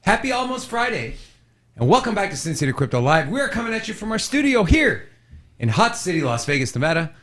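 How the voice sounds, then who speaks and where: Lively, teasing studio co-host man. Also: high-pitched, fairly quick. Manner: friendly, upbeat, teasing. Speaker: co-host of a live crypto show. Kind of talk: casual livestream chat.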